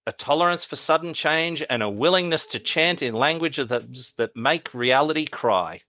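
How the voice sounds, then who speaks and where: A man co-hosting a podcast, reading a wry, theatrical mock recruitment pitch that swings from loud to hushed. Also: expressive, moderate pace, no room sound. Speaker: podcast co-host.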